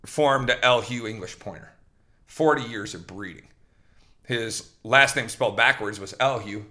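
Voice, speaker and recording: A man hosting a podcast, telling a long, rambling story in an animated, casual way, with restarts and quoted lines. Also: medium pitch. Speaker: host.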